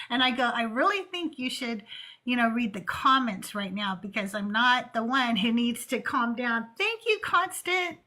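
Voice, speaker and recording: A woman with a high, bright voice hosts a call-in show from her home. She tells a story in casual chat, acts out both sides of an argument and swears freely. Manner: animated, profane, retells arguments in quotes. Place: home with cats playing.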